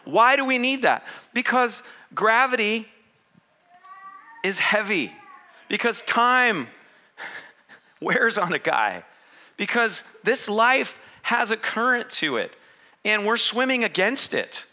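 A man's voice: sits high, sing-song, slow, pauses often, sharp tone. A middle-aged man preaching a sermon, telling a story with jokes and acting out the voices of the people in it. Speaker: pastor.

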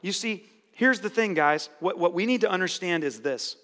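A high, bright-toned man preaching a sermon with emphatic, repeated phrases. His middle-aged voice carries through a large hall with a long reverb. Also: lively intonation, normal speed. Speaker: pastor.

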